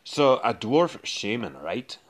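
A man's voice: mid-range voice, big pitch swings, slow. A man voicing a boisterous, hard-drinking male dwarf shaman in a put-on Scottish accent, joking and swaggering. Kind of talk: in-character role-play monologue.

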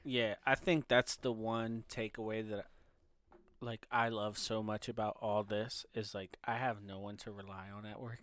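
A man's voice: lowish voice, level tone, normal speed, fairly bright tone, no echo. A man co-hosting a podcast, chatting in an easygoing way and laughing along. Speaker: podcast co-host. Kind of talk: casual chat.

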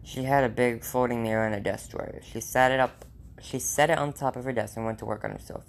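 Man reading a kids' novel aloud, plain delivery, mid pitch, small slips. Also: fairly even intonation, quick pace, vocal fry, slight background noise. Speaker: reader.

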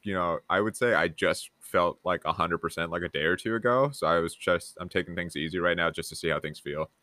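A man's voice: low-pitched, fairly quick, bright, forceful tone, no echo. A man hosting a podcast, agreeable and encouraging as he asks open questions. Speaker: podcast host. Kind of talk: casual interviewing.

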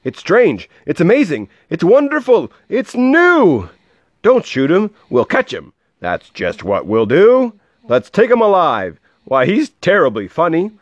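A man reading a picture book puts on a gang of greedy hunters gushing in loud, excited exclamations. The voice is pushed well above his usual pitch and full of energy. The sound is dry and dull, like a lo-fi home recording. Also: a little slow, no echo, exaggerated voice.

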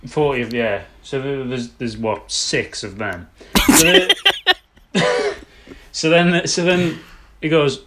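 A man's voice: medium pitch, very animated, takes it slowly, pauses often, a bit bright, a little hiss or hum. A man co-hosting a casual film chat, sardonic and swearing as he retells scenes.

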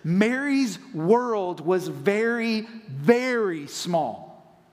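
A man from North Carolina, preaching a sermon as pastor and acting out voices in animated storytelling. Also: high voice, extremely slow. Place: church auditorium. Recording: long reverb of a large hall.

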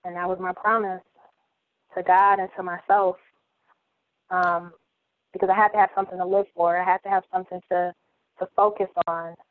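A woman's voice: fairly low pitch, level tone, moderate pace, pauses often, dry recording. Woman on a tinny phone-like line. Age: around 40. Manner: candid, heartfelt, repeats phrases. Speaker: podcast guest. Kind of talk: personal storytelling in interview.

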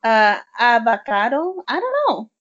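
A woman's voice: a little high, animated, measured pace, fairly bright tone, highs cut off. A woman hosting a podcast, chatting in a hyper, rambling way full of fillers. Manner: hyper, chatty, lots of "like" and "you know". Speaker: podcast host. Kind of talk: casual podcast chat.

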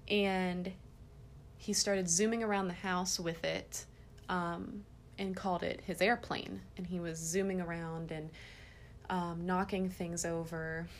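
Lower-voiced, earnest mother hosting a podcast. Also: flat delivery, takes it slowly, a little hiss or hum. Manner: earnest, gentle storytelling. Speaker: podcast host, parent. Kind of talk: casual parenting podcast talk.

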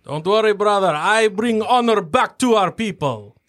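A man voicing a loud, boastful male ice dwarf gambler in broken English with a put-on dwarf accent. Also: animated, moderate pace. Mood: proud. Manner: booming broken English, swaggering.

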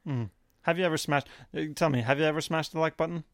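A man co-hosting a podcast, rambling in casual banter with crude deadpan jokes. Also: a little high, fast, no room sound, clean studio sound. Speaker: podcast co-host.

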